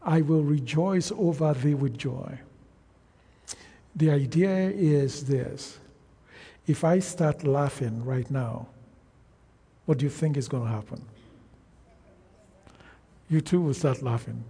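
A man preaching a sermon, slow and emphatic, calling out to the congregation for responses. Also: fairly high pitch, warm tone, breathy edge, long reverb tail.

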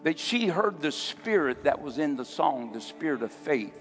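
A man preaching a sermon as a pastor, building to shouted peaks. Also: on the high side, sing-song, moderate pace, big-room sound, soft background music. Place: church.

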